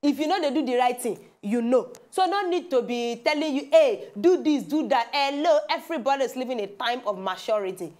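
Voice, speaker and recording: With a Nigerian Pidgin English accent, this TV talk show co-host teases and chats her way through news stories. She speaks high and a little mellow, with lively intonation, a fairly quick pace and hardly any pauses.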